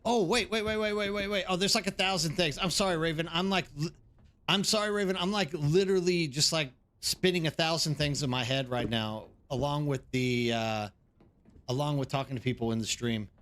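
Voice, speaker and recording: A man's voice: fairly high pitch, fairly quick, fairly bright tone. A man hosting a live game stream, chatting casually and rambling while greeting viewers by name. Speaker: streamer host.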